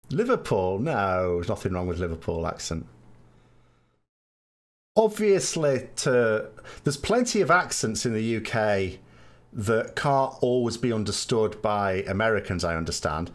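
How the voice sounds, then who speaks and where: A man's voice: fairly low pitch, very animated, measured pace. A man with a South Yorkshire accent hosting a live stream, chatting in a rambling way with wry asides. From England. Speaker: podcast host. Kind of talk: live stream chat answering viewers.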